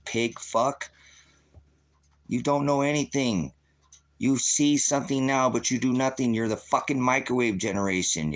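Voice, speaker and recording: A middle-aged man hosting his own channel, delivering a profane, combative, rambling rant at his viewers. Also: mid-range voice. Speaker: channel host. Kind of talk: ranting monologue to viewers.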